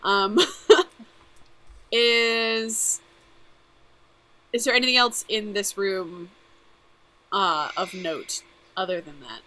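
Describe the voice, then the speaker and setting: A woman's voice: medium pitch, extremely slow, pauses often, bright, forceful tone. A young woman chatting casually as a tabletop player, often laughing between remarks.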